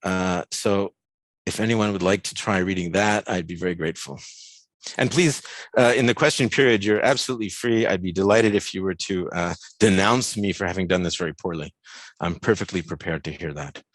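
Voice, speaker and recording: American male lecturer, low voice, dry sound, easygoing and self-deprecating, lots of ums. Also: brisk, no room sound. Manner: relaxed, self-deprecating, many fillers. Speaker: guest lecturer. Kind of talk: academic seminar talk.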